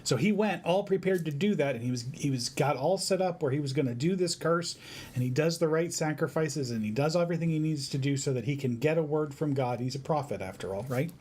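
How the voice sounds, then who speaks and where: Lively storytelling dad, slightly high voice. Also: male voice, a little fast, slightly rough. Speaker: father teaching his son. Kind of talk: family Bible devotion, retelling a story.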